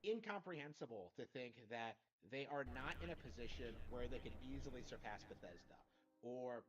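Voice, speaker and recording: A man's voice: mid-range voice, normal speed. A man giving opinionated commentary, arguing his case and checking in with tag questions. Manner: argumentative, leans on tag questions. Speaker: video commentator. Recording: dull lo-fi clip with music.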